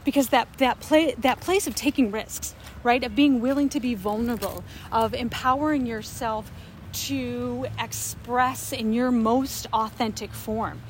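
A woman's voice: fairly high pitch, a little hiss or hum. A woman co-hosting a spiritual discussion, talking earnestly and emphatically and repeating phrases for effect. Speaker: co-host.

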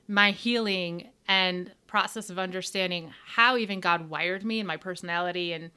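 A woman's voice: fairly low pitch, moderate pace, sharp tone, clear, resonant tone. A woman co-hosting a faith podcast, speaking earnestly in casual conversation. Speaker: podcast co-host. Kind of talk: casual chat.

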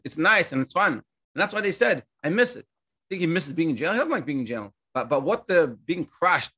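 A man gives a relaxed Torah class with a bright, forceful voice, and his pitch sits right in the middle. He tells stories in a lively, conversational way, often stopping to restart a phrase and repeating words as he goes. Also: vocal fry, slightly rough. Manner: animated storytelling with many restarts. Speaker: rabbi teaching a class.

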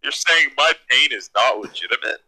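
Bright, lively low-voiced man. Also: normal speed, low-quality recording. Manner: dry, jokey, lively. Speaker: podcast co-host. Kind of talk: casual chat.

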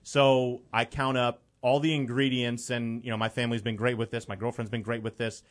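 A young man from the Chicago area speaks as a talk show guest at an ordinary, middle pitch. He tells his story earnestly and rambles a little, leaning on "you know" as he goes. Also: flat delivery, fairly quick. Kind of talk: personal storytelling in conversation.

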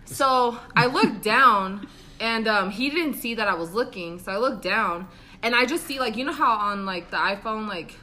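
A woman in her twenties with a voice on the high side speaks at a moderate pace as a podcast co-host. She tells a dating story casually and with animation, acting out quotes, swearing a lot, and laughing often.

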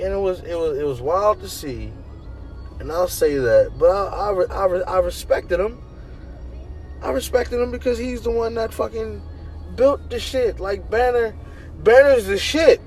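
A man's voice: high-pitched, rough recording. A man hosting a movie review show, ranting casually and profanely and acting out quoted lines. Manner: animated and profane, acts out quoted voices. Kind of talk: casual rant.

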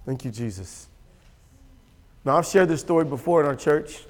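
A male pastor delivering a sermon with a fairly high voice. He is emphatic and repetitive, hammering his points home and asking the congregation for agreement. His voice rings out with the long reverb of a large hall. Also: lively intonation, normal speed. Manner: emphatic and repetitive, asks the audience for assent.

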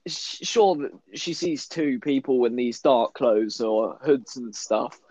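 A man's voice: medium pitch, lively intonation, slow pace, darkish tone, dry recording. A young man co-hosting a podcast, chatting and chuckling through a shared story with some swearing. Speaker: podcast co-host. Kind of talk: casual storytelling chat. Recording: dull lo-fi dry sound.

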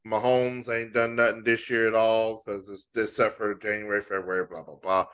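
A man's voice: fairly low pitch, flat delivery, normal speed, fairly bright tone, clear, resonant tone. A man co-hosting a sports podcast, playful and teasing in casual banter. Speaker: podcast co-host.

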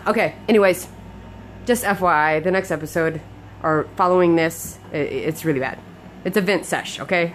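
A woman's voice: lowish voice, slight background noise. A young woman hosting a podcast, venting in a rambling, profane way and sounding upset, close to tears at times. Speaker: podcast host. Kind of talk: casual venting monologue.

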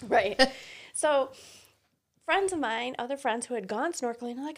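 A middle-aged woman tells a story in casual chat, laughing often. Her voice sits high and swings widely in pitch. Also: expressive, moderate pace, long pauses.

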